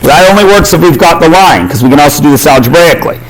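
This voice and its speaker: A man's voice: fairly high pitch, lively intonation, fast talker, a crowd in the background, low-quality recording. A man teaching a math class, quizzing students and cracking jokes. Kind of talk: classroom lesson.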